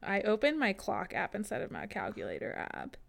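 A woman co-hosting a book podcast in casual chat, sarcastic and quick to laugh as she retells the plot. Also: medium pitch, wildly swooping pitch, creaky. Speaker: podcast co-host.

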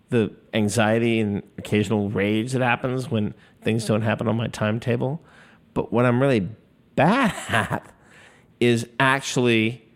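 Man, 50s, solo podcast host, loose rambling delivery, cusses, self-deprecating. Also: mid-range voice. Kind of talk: casual solo podcast monologue. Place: recording studio. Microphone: studio microphone.

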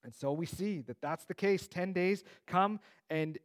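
Bible teacher, male, slightly higher pitch, casual delivery with quips. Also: a little slow. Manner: conversational, with joking asides.

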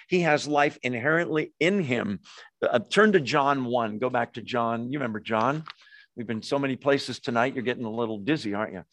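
A man's voice: mid-range voice, dry recording. Conversational man preaching a sermon. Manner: conversational, asks the audience questions. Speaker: pastor.

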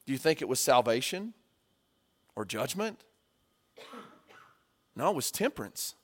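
A male preacher delivering a sermon, swinging from hushed asides to loud, acted-out story lines. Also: mid-range voice, sing-song, measured pace.

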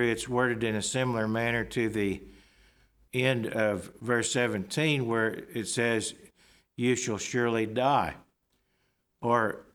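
A man preaching a sermon in a measured, explanatory way, reading scripture aloud and unpacking its wording. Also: mid-range voice, fairly bright tone.

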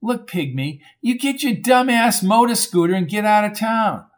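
A hot-tempered club owner who talks tough and gets in people's faces, voiced by a male audiobook narrator. His voice rides a little high. He taunts and barks orders. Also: expressive, normal speed. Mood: taunting. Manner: brash, confrontational, tough-talking.

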